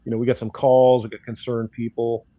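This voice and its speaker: A man's voice: medium pitch, level tone, a little fast, no room sound, muffled recording. An older man, a grandfather, bluntly telling a story in casual talk and acting out the dialogue. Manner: blunt, outspoken, acts out dialogue in quotes. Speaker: guest commentator.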